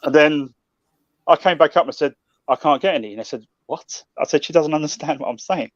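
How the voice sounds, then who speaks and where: A man's voice: fairly high pitch, fairly quick, dry recording. A man from South London with a strong London accent, chatting easily and spinning funny anecdotes. He laughs a lot and swears casually. The sound is a bit dull and lo-fi, with a dry, close feel. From South London, England. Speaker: guest Londoner advising traveling fans. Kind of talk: casual chat.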